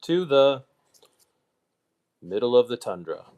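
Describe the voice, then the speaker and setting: A lowered, slow, measured impression of a famous male politician, as a man puts it on for laughs. The delivery is deliberate and stately, with long pauses between phrases. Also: very animated, a little mellow. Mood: mock-presidential.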